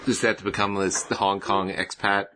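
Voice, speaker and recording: A man's voice: lowish voice, little pitch movement, moderate pace, crowd noise. A man co-hosting a casual podcast chat, wisecracking and sarcastic, laughing at his own jokes.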